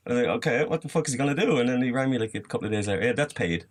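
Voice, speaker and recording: A man's voice: mid-range voice, rapid-fire. A man from Ireland chatting casually on a podcast, laughing and swearing as he tells stories. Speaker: podcast co-host. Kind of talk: casual chat.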